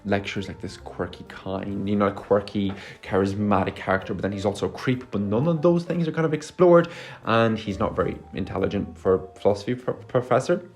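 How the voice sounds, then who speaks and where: A man's voice: on the low side, brisk, a little mellow, soft background music. A man giving a casual movie review, sarcastic and exasperated, swearing often. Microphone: phone.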